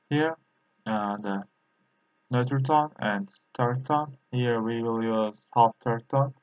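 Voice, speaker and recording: A native Turkish speaker with a Turkish accent and a mid-range voice teaches a language lesson haltingly. He pauses often with fillers and repeats drill syllables while explaining. The recording sounds tinny and lo-fi, like a phone.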